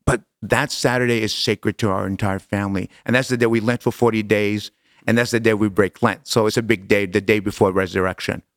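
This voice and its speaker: Middle-aged man, lowish voice, dry sound. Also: fairly quick, no room sound. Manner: animated, acts out quoted dialogue, casual slang. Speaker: guest. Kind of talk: personal storytelling in an interview.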